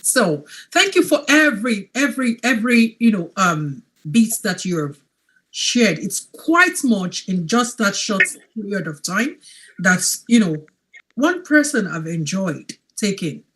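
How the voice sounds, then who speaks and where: A woman's voice: medium pitch, big pitch swings, slow, fairly bright tone. A woman hosting as a wellness coach, talking in an earnest, emphatic way and repeating her points. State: emotional, near tears. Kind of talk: testimonial chat.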